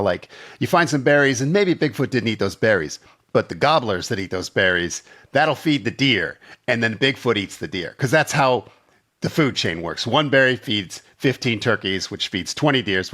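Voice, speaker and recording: A man's voice: mid-range voice, fairly bright tone. A man co-hosting a comedy podcast, explaining things in a dry, sarcastic way. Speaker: podcast co-host. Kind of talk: casual comedic chat.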